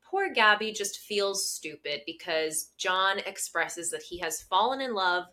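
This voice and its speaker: Bright, wry woman podcast co-host. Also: mid-range voice, animated, measured pace. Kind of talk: casual recap chat.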